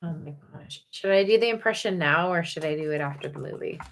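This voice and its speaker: A woman's voice: sits low, fairly quick. A woman hosting a casual movie watch-party stream, chatty and self-deprecating. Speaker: livestream host.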